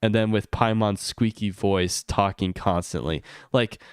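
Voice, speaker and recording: A man on a stream venting in a loose, profane rant, his voice smooth and resonant in a dry, close sound with no room echo. His frustration builds until his pitch shoots up high, then settles back to a medium-toned grumble. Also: measured pace. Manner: exasperated, swearing rant that climbs high when heated. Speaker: gaming streamer. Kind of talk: unscripted ranting stream commentary.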